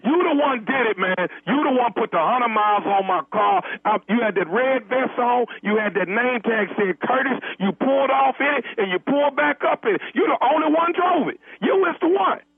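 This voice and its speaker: A man's voice: very high-pitched, lively intonation, moderate pace, gravelly, few pauses, slightly rough, dry recording, exaggerated voice. A man playing an angry man who accuses a valet worker, confronting him in a prank call. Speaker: radio prank caller. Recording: tinny phone line.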